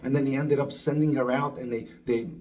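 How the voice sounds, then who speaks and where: Rabbi telling a moral story. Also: male voice, medium pitch, a little fast, poor audio. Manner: animated storyteller acting out quoted lines. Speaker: rabbi and dating coach.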